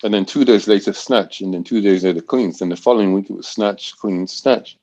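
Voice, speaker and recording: A man's voice: fairly low pitch, brisk, warm tone, lo-fi sound. A man in his sixties from Great Britain, a college throws coach telling stories in a casual interview, rambling with frequent restarts.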